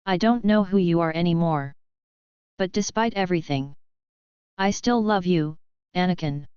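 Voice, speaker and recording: A woman's voice: lowish voice, normal speed, clean tone, no echo, muffled recording, natural voice. A woman voicing a heartbroken young wife, pleading. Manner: pleading, tearful.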